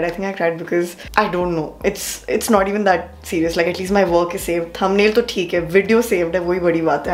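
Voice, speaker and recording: A woman's voice: fairly low pitch, a little mellow. A young woman with an Indian English accent, talking casually and straight to viewers as she vlogs at home. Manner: chatty, talks straight to viewers. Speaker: vlogger. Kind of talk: casual vlog chat.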